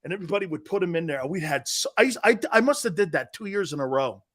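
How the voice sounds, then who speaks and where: A middle-aged male sports talk host with a fairly high voice that swings up and down wildly. He talks loudly and excitably, laughs a lot, and acts out the people in his stories. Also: quick pace. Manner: loud, laughing, excitable, acts out quotes from friends and family. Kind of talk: animated storytelling on a sports show.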